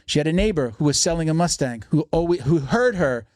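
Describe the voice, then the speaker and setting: Fast-talking profane male storyteller. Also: a little high, animated, a little mellow, no room sound, studio quality. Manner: fast, profane storyteller who acts out quoted voices. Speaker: podcast guest. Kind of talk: casual podcast storytelling.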